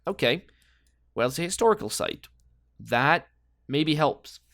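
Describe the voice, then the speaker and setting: A man's voice: on the high side, animated, unhurried, vocal fry, a bit bright, no echo, studio quality. A man giving casual, rambling commentary while playing a guessing game, joking and thinking aloud. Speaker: gameplay commentator.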